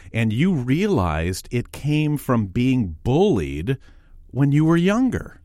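A man's voice: mid-range voice, big pitch swings, measured pace, darkish tone, dry recording, studio quality. A man hosting a radio interview, asking encouraging, leading questions. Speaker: radio host.

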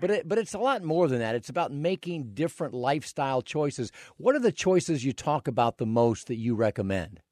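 A man's voice: medium pitch, sing-song, a little fast, few pauses, a little mellow, no room sound. Male radio co-host, friendly and conversational, dry close mic. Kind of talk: radio show hosting.

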